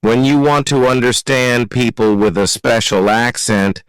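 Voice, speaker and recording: A man narrates a graded reader story at a very slow, deliberate pace, every word clearly shaped. His voice is smooth and resonant, and the recording is dry and close, with no room around it. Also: mid-range voice, dry recording, rough recording. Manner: slow, careful, clearly articulated reading. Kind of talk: slow scripted narration for learners.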